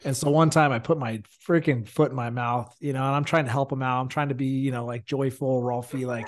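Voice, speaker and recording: A man's voice: mid-range voice, fairly even intonation, brisk, few pauses. Chatty firefighter man telling stories. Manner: chatty, lots of "like" and "you know". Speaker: podcast co-host, firefighter. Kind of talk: casual storytelling.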